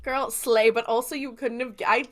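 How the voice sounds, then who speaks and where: A woman's voice: a little high, steady tone. A woman co-hosting a podcast, chatting casually and tossing in playful asides. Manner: playful, quick asides and jokes. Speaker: podcast co-host. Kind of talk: casual chat.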